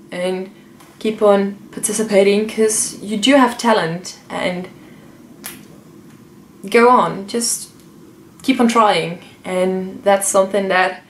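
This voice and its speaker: Young woman vlogger, heartfelt and halting, mid-range pitch, echoey room. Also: slight background noise. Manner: emotional, earnest, many fillers and restarts. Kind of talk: personal vlog storytelling. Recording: roomy echo.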